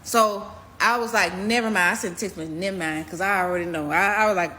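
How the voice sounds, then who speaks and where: A young woman telling a personal story in a casual storytime video, animated and profane, swinging between loud outbursts and low mutters. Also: fast, few pauses, a little hiss or hum. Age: young adult.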